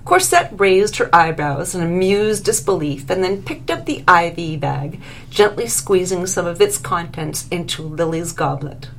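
Low-voiced woman narrating a story. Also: measured pace, slight background noise. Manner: expressive, animated reading.

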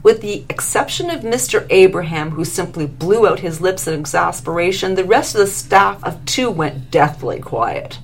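A woman narrating a story aloud, expressive and animated, putting on voices for the characters. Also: fairly low pitch, moderate pace, few pauses, slight background noise.

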